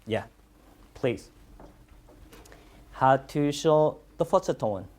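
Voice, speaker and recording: The clip features a native Chinese-speaking teacher instructing students in Chinese, using English. The mid-range delivery is unhurried and supportive, full of repeated praise.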